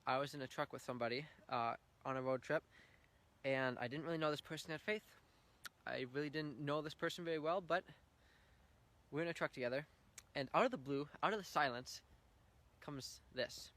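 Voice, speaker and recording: A man's voice: a little high, a little fast, a bit bright. A young man giving an earnest, heartfelt personal faith testimony at church, telling his story with swells of feeling.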